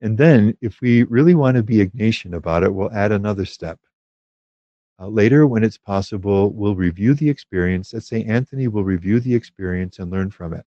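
A man giving a calm, measured spiritual teaching on prayer, with small fillers and restarts. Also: on the low side, no echo, dull audio.

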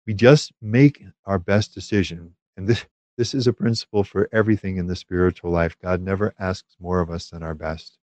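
A man giving a measured, thoughtful teaching talk on prayer, pausing often with hesitations. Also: low-pitched, fairly even intonation, a little mellow, dry recording. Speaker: Catholic spiritual teacher.

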